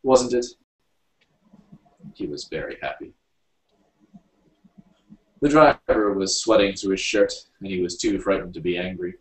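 A man reading a story aloud, narrating in an unhurried storybook manner. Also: deep voice. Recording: roomy, distant mic.

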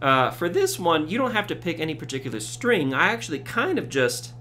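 Lively man teaching ukulele. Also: on the high side, fairly quick, a little hiss or hum. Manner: relaxed, with frequent "uh" fillers, counts beats aloud. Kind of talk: casual music tutorial. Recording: loud ukulele under voice. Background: ukulele strumming.

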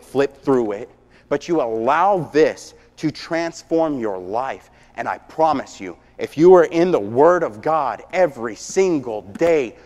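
A man preaching a sermon, telling stories with energy that swings from hushed to shouting. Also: medium pitch. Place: church sanctuary. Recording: long church reverb.

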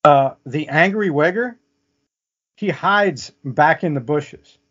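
Speaking slowly in a high-leaning, slightly bright voice, a man recounts a vivid story as a guest in an interview. His storytelling is casual and peppered with "okay?", and the audio is muffled and lo-fi.

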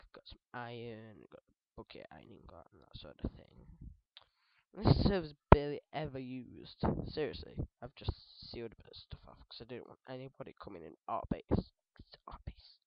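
Rambling British teen gamer. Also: male voice, medium pitch, clear, resonant tone, dry recording. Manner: rambling, jokey, self-correcting. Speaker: gaming video host. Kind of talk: casual let's play commentary. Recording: dull dry lo-fi mic.

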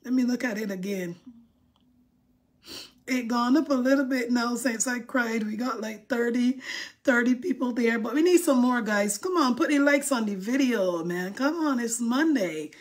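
A woman's voice: a little high, normal speed. A woman hosting a casual livestream, chatting and reading viewer comments in a dramatic way, with informal dialect grammar. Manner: chatty, dramatic mock-crying over likes. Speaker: livestream host.

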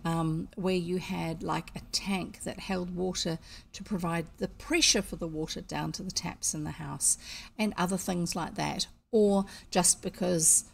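A woman's voice: fairly low pitch, steady tone, unhurried, gravelly. A woman with a New Zealand accent reading a storybook aloud and stopping to explain things in a chatty way. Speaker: audiobook reader.

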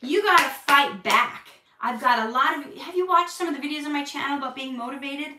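A quick-paced woman whose voice sits high hosts a live Q&A, chatting casually with viewers before getting earnest and preachy, animated in her excited moments. She's recorded from a distance, a bit off-mic, with a roomy echo.

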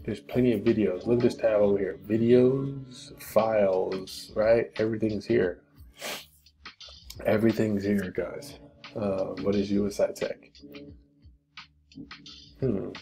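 A man's voice: on the low side, fairly even intonation, slow pace, vocal fry, pauses often, mellow, faint music behind. A man hosting a casual question-and-answer stream, talking bluntly with profanity and pep-talk encouragement. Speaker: crypto channel host. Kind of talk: casual Q&A livestream.

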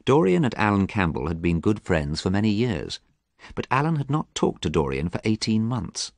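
Deep-voiced man reading a storybook. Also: sing-song, normal speed, vocal fry, no room sound. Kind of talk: storybook reading for English learners.

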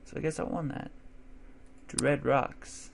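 A young let's play gamer with a medium-pitched, creaky voice takes his time commentating his gameplay, with a little hiss or hum audible. Excitable, he yelps and swears at the game and chats to his cat between moments of play.

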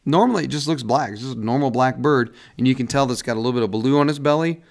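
A man's voice: mid-range voice, fast talker, gravelly, a little hiss or hum. A man teaching a recorded biology lesson over slides, casual and folksy, with frequent "all right"s and small restarts.

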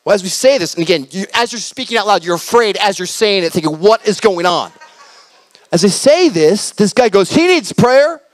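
A male pastor preaching, telling a story with animated quoted dialogue and rising to loud proclamations. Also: high voice, a little fast, dry recording. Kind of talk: sermon storytelling.

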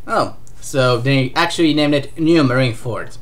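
A host reading a comic aloud in a live reaction, laughing often and breaking into excited outbursts. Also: mid-range voice, measured pace. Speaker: manga reaction streamer.

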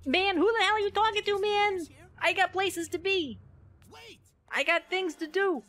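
A woman's voice: extremely high pitch, moderate pace, fairly bright tone, pitched above the performer's own voice. A woman voicing a jittery, nervous young man in a zombie game, mock dubbing a cutscene and tacking "man" onto everything. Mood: indignant. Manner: frantic, says "man" constantly.

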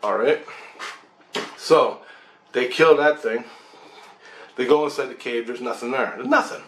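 A man's voice: medium pitch, a little slow, a bit bright, a little hiss or hum. A man with a mid-range voice rambles through a story, swearing freely and breaking into laughter as he goes. His voice rings in an echoey room. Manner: rambling, profane, laughs often while telling. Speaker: channel host telling a story. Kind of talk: casual storytelling monologue. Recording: roomy echo.

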